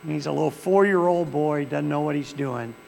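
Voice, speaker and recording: Gravelly preacher man. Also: on the high side, moderate pace, a little mellow. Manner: folksy storytelling, swelling to fervent preaching. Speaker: pastor. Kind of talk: sermon. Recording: long hall reverb with faint mains hum.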